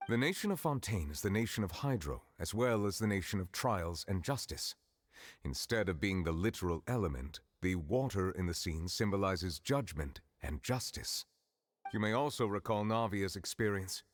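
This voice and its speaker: An actor voicing a solemn, formal man in a video game, explaining things in a measured way. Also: deep voice, animated.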